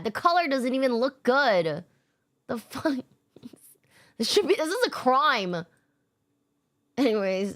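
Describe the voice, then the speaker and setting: Young woman streamer, casual just-chatting, relaxed and foul-mouthed, mid pitch. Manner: laid-back, swears a lot, laughs often. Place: home streaming setup.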